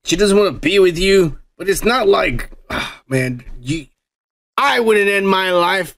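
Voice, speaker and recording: High gravelly man swearing through drunk podcast chat. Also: lively intonation, slow pace, fairly bright tone. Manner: profane, laughing, riffing on news. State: drinking. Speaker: podcast co-host. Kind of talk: crude casual chat.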